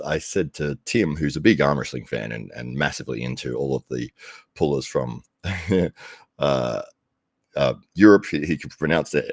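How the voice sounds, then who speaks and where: A man's voice: a bass voice, vocal fry, darkish tone, no echo, clean studio sound. A middle-aged man working as an arm wrestling commentator tells a rambling, casual story, chuckling often and growing livelier when he quotes himself.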